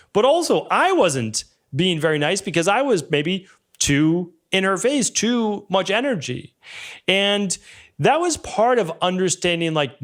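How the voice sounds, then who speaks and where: A man's voice: high-pitched, fairly bright tone. A man in his forties hosting a solo podcast, telling stories and acting out client conversations. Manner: storytelling, acts out client exchanges in quoted voices. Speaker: podcast host, health practitioner. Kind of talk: casual solo podcast talk.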